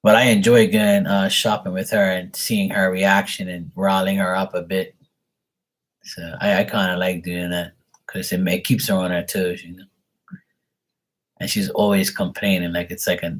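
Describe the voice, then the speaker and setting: A man's voice: deep voice, flat delivery, moderate pace. A man chatting casually on a live tarot stream, rambling and exasperated, swearing freely. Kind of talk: casual livestream chat.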